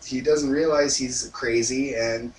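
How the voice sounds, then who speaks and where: A man's voice: steady tone, measured pace, a little mellow. A young man co-hosting a movie review, retelling the plot in casual chat with lots of fillers. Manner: rambling retelling, filler-heavy, acts out lines in a high voice. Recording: echoey room from far off, faint noise.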